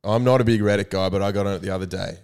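Teasing young man, low voice. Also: fairly even intonation, rapid-fire, darkish tone, clean tone. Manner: teasing, laughs often, swears casually. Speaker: podcast co-host. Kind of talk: casual banter.

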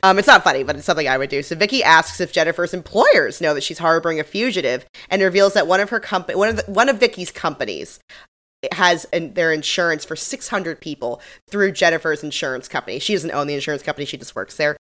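A woman's voice: low-pitched, fast talker. A woman co-hosting a podcast, recapping a TV episode in casual chat and acting out quotes. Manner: animated retelling with acted-out quotes. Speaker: podcast co-host.

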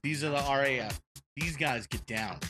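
A young man co-hosting a casual reaction chat, excitable and a bit out of breath, exclaiming and laughing often. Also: mid-range voice, normal speed, over music. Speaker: co-host reacting to videos.

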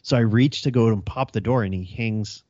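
Low-voiced cop telling a profane story. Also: male voice, moderate pace, mellow, no room sound, highs cut off. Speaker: police officer. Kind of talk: casual storytelling chat.

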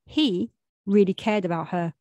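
A woman's voice: mid-range voice, unhurried, a little mellow, dry recording. Woman narrating a street story. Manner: plain, matter-of-fact telling in street slang.

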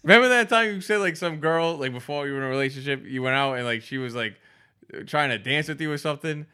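A young man with a very bright, sharp voice tells rambling, self-mocking stories in casual podcast chat. He piles on fillers and restarts as he talks. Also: fairly high pitch, fast talker, clean tone. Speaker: guest.

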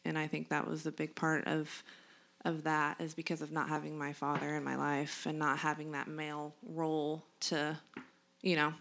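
A young adult woman talks candidly on a podcast, her voice sitting on the low side. She tells a personal story earnestly and grows animated as she retells it. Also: moderate pace. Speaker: podcast co-host.

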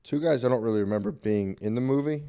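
A young man co-hosting a sports podcast in casual chat, laid-back with deadpan comebacks. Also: medium pitch, fast talker, clean tone. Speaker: podcast co-host.

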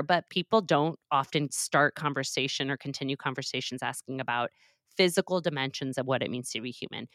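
A woman's voice: sits low, fairly quick, fairly bright tone, dry recording, studio quality. A woman in her forties, a professor and author, explaining ideas animatedly with quoted examples in a conversational interview. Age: 40s.

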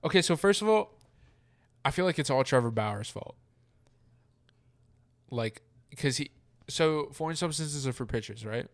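A man's voice: medium pitch, expressive, unhurried, pauses often. A man co-hosting a casual chat podcast, talking loosely with lots of fillers and the odd swear word. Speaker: podcast co-host.

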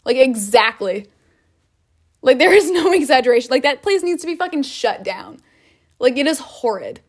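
A woman's voice: sits high, very animated, normal speed, husky. A young woman telling a storytime rant in a casual, dramatic way, full of "like" and swearing. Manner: heavy filler "like", swearing, dramatic retelling. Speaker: vlogger.

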